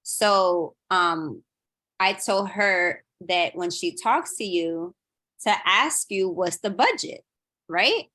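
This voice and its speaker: A woman in her thirties shares a story in a relaxed podcast chat, her voice bright and forward. She slips into the people she quotes, making them come alive as she goes. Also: lowish voice, slow. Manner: animated storyteller, acting out quotes. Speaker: audience member sharing a story. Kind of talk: casual chat.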